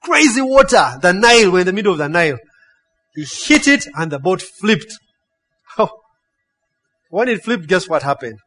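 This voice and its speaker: High-voiced man preaching with lively energy. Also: moderate pace, pauses often, soft background music. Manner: animated preaching, checks in with listeners by asking "huh?" and "yeah?"; storytelling with laughs and playful acted quotes. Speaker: pastor. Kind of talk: sermon with a personal story.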